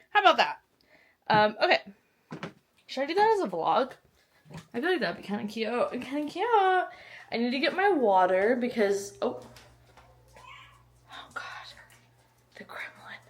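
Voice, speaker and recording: A young woman from Texas talks to camera at home in a loose, chatty vlog. Her voice sits a little high, and she pokes fun at herself, breaking into sudden squeals and quick whispered asides. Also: big pitch swings. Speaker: book vlogger. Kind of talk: casual vlog chat.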